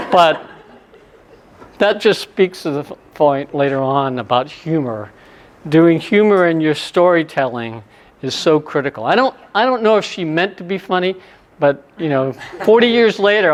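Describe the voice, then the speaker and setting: A man in his sixties leading a conference workshop, talking in a chatty, storytelling way with quick asides. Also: a little high. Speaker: workshop presenter. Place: conference room.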